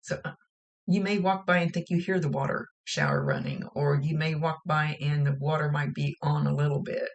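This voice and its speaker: A woman's voice: low-pitched, expressive, moderate pace, creaky. A woman psychic medium giving a reading, chatting plainly as she relays spirit messages. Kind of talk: recorded psychic reading monologue.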